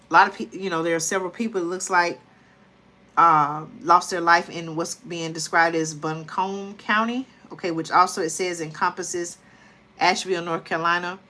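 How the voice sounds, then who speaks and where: A woman's voice: on the low side, pushed and bright. A woman hosting a late-night livestream, tired and chatty, often talking to viewers as y'all. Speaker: livestream host. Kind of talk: casual livestream talk.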